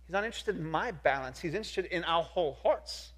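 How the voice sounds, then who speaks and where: High-voiced man preaching with emphasis. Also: animated, fast talker. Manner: emphatic, repetitive, rhetorical questions, swings from soft to loud. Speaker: pastor. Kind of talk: sermon.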